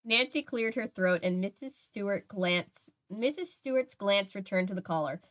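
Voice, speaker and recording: Brief: woman host reading a mystery novel aloud, relaxed and chatty, fixes slips as she goes. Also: mid-range voice, moderate pace, hardly any pauses. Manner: relaxed, self-correcting, laughs at asides. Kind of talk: casual read-aloud with chatty asides.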